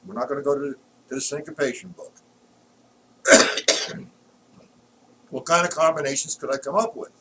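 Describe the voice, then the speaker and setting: A man teaching drums in a live-streamed lesson, explaining patterns patiently and counting beats aloud loudly while he plays. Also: medium pitch, moderate pace, pauses often, background noise. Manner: explains patiently, checks if students follow. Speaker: drum teacher. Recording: distant mic with loud drumming.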